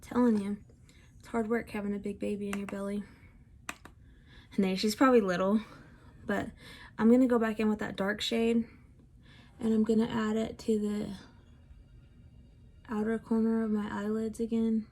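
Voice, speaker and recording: A woman's voice: mid-range voice, level tone, moderate pace, long pauses, warm tone, a little hiss or hum. A young woman, heavily pregnant and out of breath, chatting casually at home while she does her makeup for the camera. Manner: chatty and self-deprecating, with frequent sighs. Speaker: beauty vlogger. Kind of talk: casual makeup tutorial chat.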